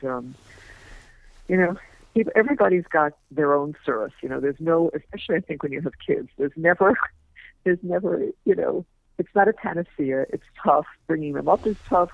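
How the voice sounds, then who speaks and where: An older woman on a recorded phone call, chatting in a rambling, hesitant way with a gravelly voice. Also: low voice, normal speed, no room sound. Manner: rambling, hesitant, with many fillers. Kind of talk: casual phone chat. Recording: tinny wiretapped phone line, dry.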